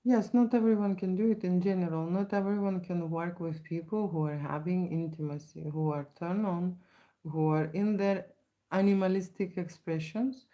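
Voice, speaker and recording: A woman's voice: fairly low pitch, fairly even intonation, normal speed, warm tone. A woman from Lithuania with a Lithuanian accent, hosting a casual live-stream Q&A as a photographer, rambling and restarting with frequent "right?" tags. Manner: rambling, many restarts and tag questions.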